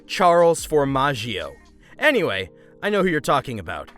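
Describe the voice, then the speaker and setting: Man voicing an amused woman manager, dry, friendly, lively delivery, faint music. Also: medium pitch, moderate pace.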